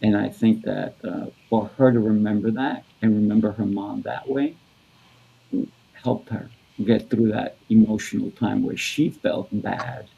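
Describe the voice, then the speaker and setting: A man co-hosting a conversation, telling a personal story in a halting, casual way with repeated words. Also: fairly low pitch, fairly even intonation, creaky, husky, highs cut off. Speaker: podcast co-host.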